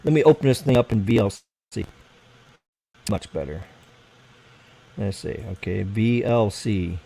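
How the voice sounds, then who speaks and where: A man's voice: lowish voice, expressive, unhurried, gravelly, warm tone, rough recording. An American man hosting a casual late-night livestream, rambling and swearing as he fiddles with his computer. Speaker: livestream host.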